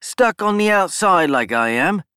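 An arrogant, scheming politician, put on by a male narrator for an audiobook. He snaps his words out boastfully, pitched noticeably above the narrator's own voice. The sound is close and dry. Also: animated, a little slow, bright, forceful tone, clean tone, no room sound, heavily acted. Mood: scornful. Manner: snapping, boastful, raised pitch.

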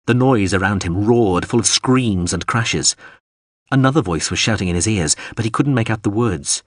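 Low, husky male audiobook narrator. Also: normal speed, no room sound, studio quality. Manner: steady, dramatic reading of an action scene.

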